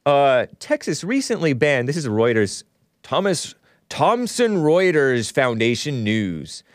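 A man's voice: mid-range voice, big pitch swings, slow pace, no room sound, clean studio sound. A man hosting his own podcast, delivering solo political commentary in a combative, sarcastic rant with frequent restarts and self-corrections. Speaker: podcast host.

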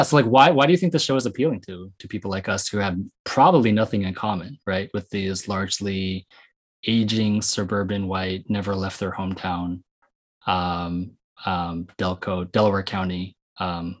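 Husky low-voiced man hosting casually. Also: normal speed. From US West Coast. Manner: rambling, many fillers and restarts. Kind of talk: casual discussion.

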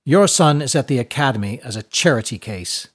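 A man's voice: mid-range voice, lively intonation, brisk, natural voice. A man doing a haughty, scornful portly lord. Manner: haughty, curt, commanding.

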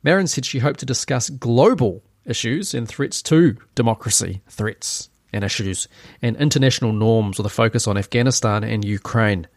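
A man's voice: mid-range voice, normal speed, dry recording, clean studio sound. A man hosting a solo opinion podcast, talking in a sarcastic, rambling way. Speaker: podcast host.

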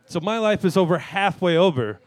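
A man in his thirties hosting a live talk show, delivering a crude, self-mocking comic monologue with sudden shouted rants. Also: high-pitched, expressive, fairly quick, no echo. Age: 30s. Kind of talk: stand-up style monologue. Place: live venue stage.

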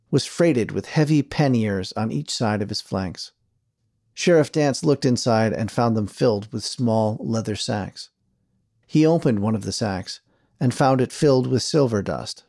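Male narrator, mid-range voice, even measured reading, dry booth. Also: medium pitch, vocal fry, no room sound. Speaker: audiobook narrator. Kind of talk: scripted narration.

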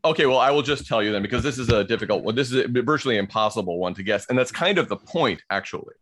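Male podcast co-host, mid-range voice, relaxed explainer who laughs easily and reads aloud. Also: mid-range voice, quick pace. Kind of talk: casual podcast banter.

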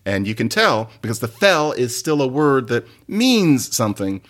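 Animated man lecturing playfully. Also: normal speed. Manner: playful, digressive lecturing with sudden pitch jumps. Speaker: podcast host. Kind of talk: explanatory podcast monologue.

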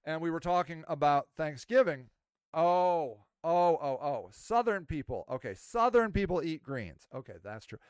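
A man's voice: fairly high pitch, expressive, normal speed, clear, resonant tone, no echo, studio quality. A man hosting a podcast, talking in a casual, rambling, self-mocking monologue. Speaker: podcast host.

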